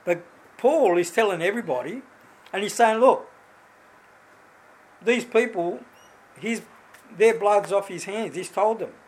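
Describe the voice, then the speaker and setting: High-voiced man preaching casually. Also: normal speed, breathy edge, poor audio. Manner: conversational, animated storytelling with many restarts. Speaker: lay preacher. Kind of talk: informal sermon with personal stories.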